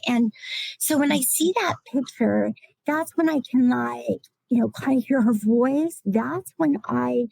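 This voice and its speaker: A middle-aged woman talks in a reflective, halting way as a podcast panel guest. Her voice is husky and strongly gravelly, set a little high. The recording is dry and close. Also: mellow, dry recording, poor audio. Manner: reflective, halting, at times emotional. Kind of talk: casual chat.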